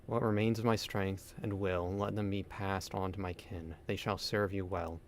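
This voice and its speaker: A man's voice: sits low, little pitch movement, moderate pace, a little hiss or hum, natural voice. A man voicing a weary, dying noble guardian. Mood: solemn, weary. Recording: game music underneath. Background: game music.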